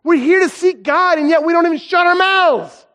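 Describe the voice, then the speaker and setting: Animated high-voiced young male preacher. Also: normal speed. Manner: animated, acts out stories with big pitch swings. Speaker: guest preacher. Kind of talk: sermon.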